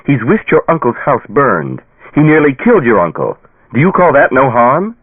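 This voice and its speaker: A man's voice: mid-range voice, very animated, moderate pace, breathy edge, no echo, voice pushed up. A man voicing a tired, patient father pleading with his daughter in an audiobook. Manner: pleading, patient, sometimes stern. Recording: tinny phone-like dry sound.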